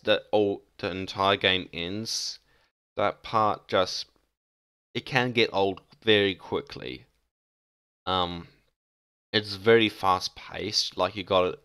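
Halting, low-voiced young man. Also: bright, forceful tone, clean tone, dry recording, clean studio sound. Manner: hesitant, full of ums and restarts. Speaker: gaming video creator. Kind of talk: casual game map ranking commentary.

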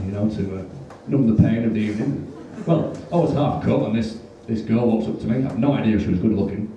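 A man with a British accent performing a stand-up comedy set, telling a long story in a deadpan way and pausing before his punchlines. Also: lowish voice, a little hiss or hum. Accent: British English. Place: comedy club stage with audience. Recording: roomy live club audio from a distance. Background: audience laughter.

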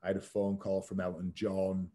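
Low, mellow-voiced man telling stories frankly. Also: completely flat delivery, normal speed. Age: 30s. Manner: frank and casual, swears, frequent "like" fillers. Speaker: podcast guest. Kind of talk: candid conversational storytelling.

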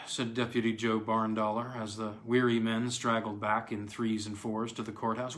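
A man reading a weird tale aloud in a measured, dramatic way. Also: lowish voice, flat delivery, a bit bright. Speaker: reader. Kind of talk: scripted narration.

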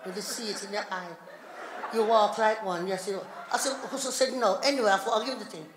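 A middle-aged woman doing a live stand-up routine, loud and chatty with the crowd. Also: mid-range voice, fast talker. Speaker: stand-up comedian. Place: large hall on stage before a live audience. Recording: echoey hall, live audience noise.

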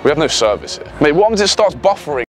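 A young man hosting a prank vlog outdoors in a city centre, swearing often and breaking into shouts. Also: a little high, racing, faint music behind. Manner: swearing, excitable, bursts into shouting. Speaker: prank video host. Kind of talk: casual prank vlog chat.

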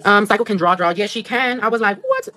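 A woman's voice: medium pitch, fast, pushed and bright. A woman chatting casually on a livestream as she paints nails, swearing freely, slipping into Spanish and answering viewer comments, with music playing in the background. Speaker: nail artist livestreaming. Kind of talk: casual livestream chat while working.

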